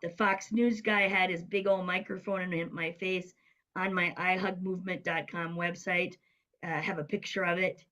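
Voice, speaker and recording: Middle-aged woman, interview guest, animated anecdote teller, voices other people when she quotes them. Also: fairly low pitch, moderate pace, rough recording. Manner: lively storyteller who acts out quoted voices. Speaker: guest, business coach. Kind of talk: casual storytelling interview.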